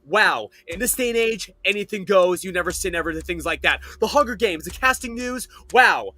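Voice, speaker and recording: A man on a comedy panel giving rapid-fire hot takes in punchy, emphatic quips. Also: high-pitched, animated, bright, forceful tone, no echo. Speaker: panel guest.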